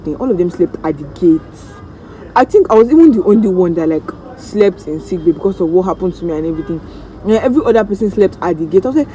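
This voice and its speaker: A woman's voice: mid-range voice, slight background noise, rough recording. Dramatic Nigerian woman telling a story. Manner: dramatic, animated storytelling with reenacted voices. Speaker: vlogger. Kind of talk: story time vlog.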